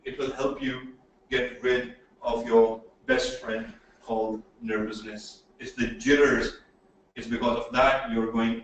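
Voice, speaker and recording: A man giving a webinar lecture on presentation skills, emphatic and animated, often checking in with "okay?". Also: mid-range voice, unhurried, very echoey, far from the mic, slight background noise, low-quality recording. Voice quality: animated, swings loud and soft.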